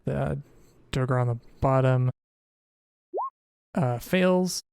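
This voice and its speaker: A man running a tabletop game as game master, calling out dice results and narrating what happens in a relaxed, matter-of-fact way. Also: mid-range voice, slow, creaky, a little hiss or hum.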